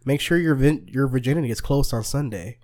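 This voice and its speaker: A young man co-hosting a podcast, tossing out quick joking quips in casual chat. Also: medium pitch, heavy background noise. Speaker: podcast co-host.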